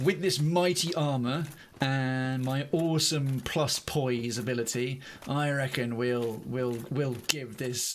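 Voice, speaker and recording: A man giving casual, self-mocking commentary while streaming a game, breaking into excited outbursts. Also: medium pitch, a little hiss or hum.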